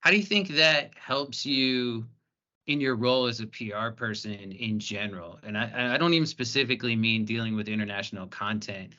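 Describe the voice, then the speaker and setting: A man's voice: medium pitch, moderate pace, pushed and bright. A man hosting a podcast, asking conversational questions and stammering a little as he frames them. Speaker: podcast host. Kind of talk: casual podcast interviewing. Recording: slightly muffled audio.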